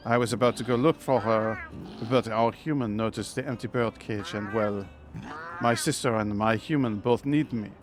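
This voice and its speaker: A man voicing a fussy, protective big-brother bird with a mock French accent and a soft, slightly effeminate delivery. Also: lowish voice, moderate pace, faint music behind, lightly acted.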